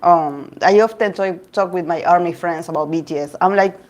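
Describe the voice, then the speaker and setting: Chatty woman with a lowish voice. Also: moderate pace, darkish tone. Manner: chatty, gossipy, laughs often, many restarts. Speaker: tarot reader and channel host. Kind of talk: casual chat reading live comments.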